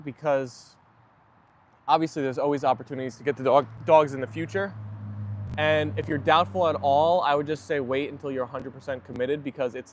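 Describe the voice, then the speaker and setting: A young man with a voice a little higher than most men's hosts a relaxed livestream. He talks in an easy, chatty way, reads out viewer comments and agrees with them warmly. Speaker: livestream host. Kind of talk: casual chat reading viewer comments.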